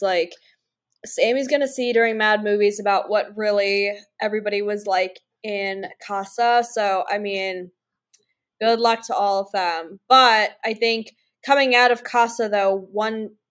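A woman's voice: medium pitch, measured pace, a bit bright. Conversational woman podcast co-host. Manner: conversational, frequent agreeing "right", "mm-hmm". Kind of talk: casual reality-TV recap chat.

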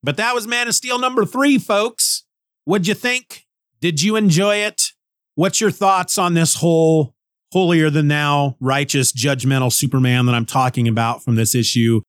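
A man hosts his podcast in a loose, rambling monologue, often goofing around and teasing himself. His voice sits a touch high and sounds close and dry, with no room echo around it. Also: moderate pace. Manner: goofy, rambling, jokes at himself. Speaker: podcast host.

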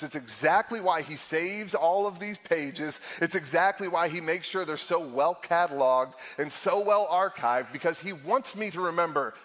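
Middle-aged male lead pastor, candid sermon delivery, slightly higher voice, acts out his own thoughts. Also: a bit bright. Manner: candid and self-deprecating, laughing often, acting out his own inner voice.

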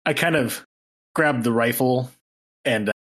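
A man's voice: mid-range voice, measured pace, fairly bright tone. Playful male tabletop player. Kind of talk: casual tabletop play.

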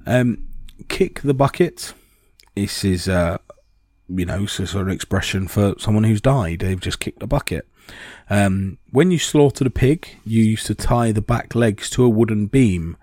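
A man's voice: on the low side, unhurried, darkish tone, no echo, studio quality. A man explaining in a casual, rambling talk with many ums and restarts.

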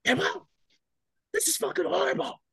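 Shrill, furious corporal, all yell, as a man storyteller puts him on. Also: normal speed, no room sound, studio quality, natural voice. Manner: shrill, strained yelling. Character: furious young male corporal, screeching orders.

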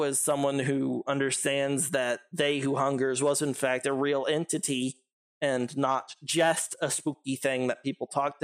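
A man narrating a tabletop game as game master, rambling with many fillers and laughing easily. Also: mid-range voice.

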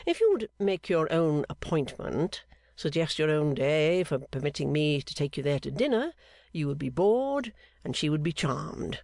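A man voicing an airy, cynical gentleman painter who talks with breezy enthusiasm. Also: a little high, animated, moderate pace, gravelly, no room sound, studio quality.

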